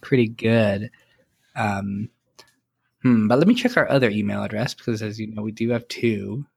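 A young man co-hosts a casual podcast chat in a lowish, gravelly voice with a breathy edge, speaking at normal speed. His delivery is dry and joking, packed with fillers.

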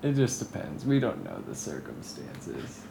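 A man's voice: deep voice, wildly swooping pitch, a little slow, gravelly, crowd noise. A man co-hosting a comedy podcast, rambling and laughing as he trails off mid-thought. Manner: giggly, rambling, often trails off. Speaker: podcast co-host. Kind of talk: casual comedy chat.

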